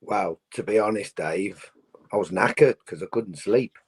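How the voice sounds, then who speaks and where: A hoarse man, a pundit on a fan phone-in, talking bluntly and boastfully and tagging his points with questions. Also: fairly low pitch, measured pace.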